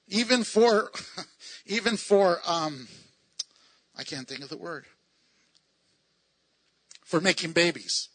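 High, bright-voiced excitable Bible teacher man. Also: no echo. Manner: excitable, laughs often, acts out quoted voices. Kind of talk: animated Bible study teaching.

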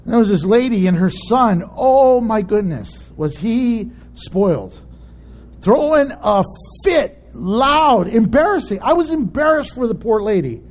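Male pastor, sermon; high voice that swoops all over, animated and playful, laughs often. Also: measured pace.

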